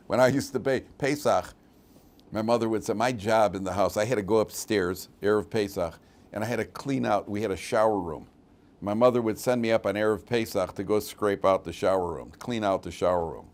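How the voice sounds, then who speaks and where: A man teaching a lively Torah class. He talks in a conversational, humorous way, with frequent restarts. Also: lowish voice, fast talker.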